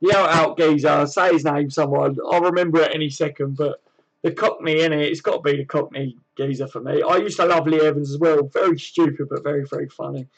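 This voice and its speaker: A fairly high-voiced man, casually chatting on his live stream. He reads out viewers' comments and answers them in an easygoing, slang-filled way. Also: fairly even intonation, fairly quick, lo-fi sound. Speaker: host of a fan live stream.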